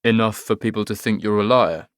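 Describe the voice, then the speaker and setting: A man reading an audiobook, voicing a calm, patient man psychologist who asks gentle questions. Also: on the low side, a little fast, clean tone, no room sound, clean studio sound, natural voice.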